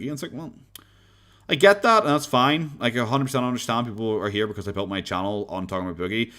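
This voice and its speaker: A man's voice: medium pitch, lively intonation, fast, fairly bright tone. A man with an Irish accent chatting casually on a live stream, rambling, laughing often and swearing freely as he reads comments.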